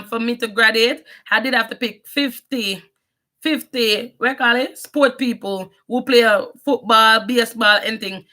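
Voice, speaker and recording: A woman's voice: a little high, sharp tone. A young Jamaican woman with a strong Jamaican accent, telling her life story in a casual, rambling vlog, mixing in patois and often restarting her sentences. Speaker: vlogger.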